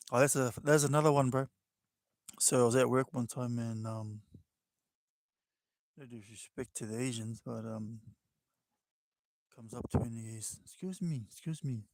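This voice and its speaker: Kiwi guy drawing on stream, easygoing chatter, dry close sound, middle pitch. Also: level tone, normal speed, gravelly, long pauses, no room sound. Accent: New Zealand. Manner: laid-back, chatty, calls listeners bro. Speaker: livestreaming artist. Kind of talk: casual chat while drawing.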